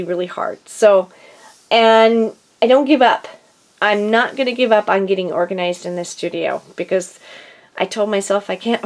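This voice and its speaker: A middle-aged woman chatting casually in her home craft studio, rambling and a bit out of breath. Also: a little high. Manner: rambling, chatty, self-deprecating. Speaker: crafting vlogger. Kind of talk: casual chat.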